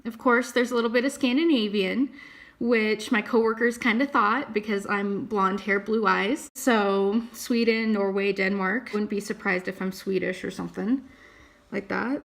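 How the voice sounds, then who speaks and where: A woman's voice: mid-range voice, steady tone, moderate pace, gravelly, a bit bright. A young woman vlogger talking casually at her computer, thinking aloud as she reads through results. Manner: chatty, thinking aloud while reading results. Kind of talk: casual vlog talk.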